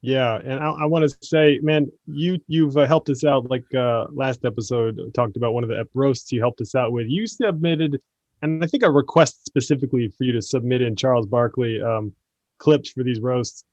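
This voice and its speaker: A man guesting on a comedy podcast, rambling with many pauses and restarts. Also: medium pitch, a little mellow, no room sound, dull audio. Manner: rambling, hesitant, fillers.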